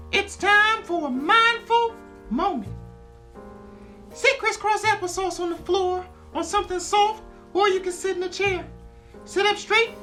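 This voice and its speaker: A woman leading children through a guided breathing exercise, calm and slow with soothing counting. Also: very high-pitched. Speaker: mindfulness guide.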